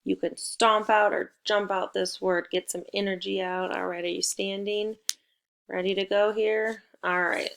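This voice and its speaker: A woman teaching a recorded phonics lesson for young children. She spells letters out slowly and leads a playful call-and-response. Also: mid-range voice, level tone, gravelly, a bit bright.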